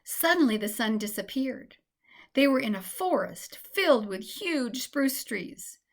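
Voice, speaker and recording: A woman reads a children's storybook aloud, gentle and expressive. Her voice is on the high side and her pace a little slow.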